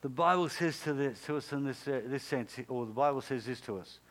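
A man's voice: mid-range voice, brisk, few pauses, fairly bright tone. A male pastor preaching a sermon in an emphatic, repetitive way, punctuated by sudden exclamations.

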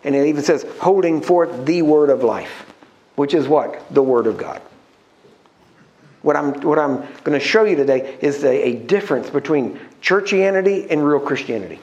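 Man, preacher, fairly high voice, emphatic sermon, slows for emphasis, questions to congregation, church. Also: darkish tone, muffled recording.

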